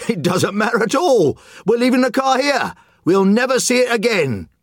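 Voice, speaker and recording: A man voicing a panicky, short, bald middle-aged man in an audiobook, with shrill, screaming outbursts. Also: huge pitch swings, unhurried, slightly rough, dry recording, studio quality, exaggerated voice. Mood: elated. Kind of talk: audiobook character voice.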